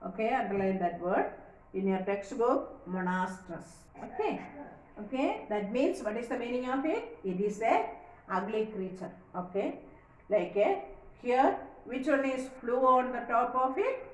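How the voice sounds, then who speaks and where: A woman's voice: fairly high pitch, lively intonation, unhurried. A woman teaching a reading lesson, reading the text aloud and explaining the meanings of words. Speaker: English teacher. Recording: echoey room, voice far from mic.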